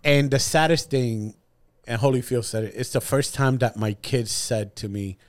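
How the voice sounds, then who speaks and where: A man on a casual podcast, telling stories in an animated way and swearing freely. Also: medium pitch, moderate pace, dry recording. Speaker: podcast co-host.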